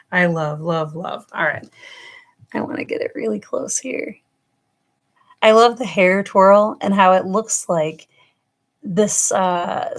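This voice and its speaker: Woman, New York accent, low-ish voice, chatty tarot reader on a livestream, affectionate and meandering. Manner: affectionate, rambling, calls viewers loves and darling. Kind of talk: casual live-stream reading. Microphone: webcam or phone on a livestream.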